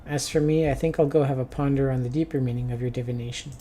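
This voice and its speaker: A man voicing a calm, cryptic stranger who speaks prophecies in a hushed, slow way in a video game. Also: mid-range voice, slight background noise, lightly acted. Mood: ominous.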